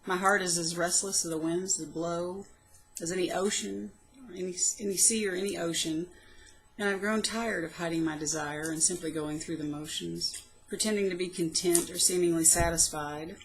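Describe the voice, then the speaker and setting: A woman reading her own poems aloud, soft, slow and reflective, with plain spoken asides between them. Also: fairly low pitch, fairly even intonation, soft background music, low-quality recording. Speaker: poetry reader.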